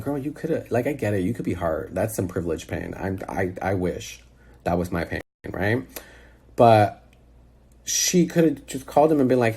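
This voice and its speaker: Exasperated man on a video call reacting, animated and a bit breathy, sass throughout. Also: mid-range voice. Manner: sassy, exasperated, lots of "like". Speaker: commentator. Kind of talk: casual reaction chat.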